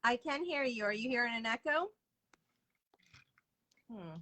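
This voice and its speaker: Woman, livestream host, casual rambling chat, bright tone. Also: on the high side, expressive, unhurried. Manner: chatty, chaotic, greets viewers by name. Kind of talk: casual live-stream chat. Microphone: video call.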